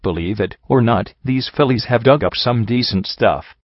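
A man's voice: mid-range voice, moderate pace, no echo, highs cut off, natural voice. A man voicing a flustered young stallion. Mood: plain. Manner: sputtering, protesting. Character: flustered young stallion pony, haggling scavenger.

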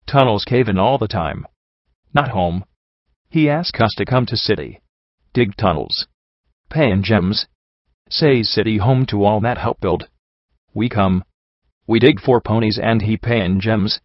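A man puts on a gruff, bitter old dog chief who growls and grumbles in broken, clipped grammar. The voice sits low and is heard dry and close, on a dull, lo-fi recording. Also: a little slow, long pauses, dry recording.

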